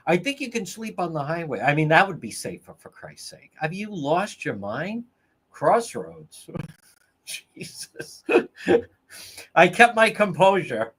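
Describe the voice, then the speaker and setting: Animated profane man hosting a livestream. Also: on the high side, slow pace, pauses often, breathy edge. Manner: profane, laughing, animated storytelling. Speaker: livestream host. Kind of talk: casual livestream commentary.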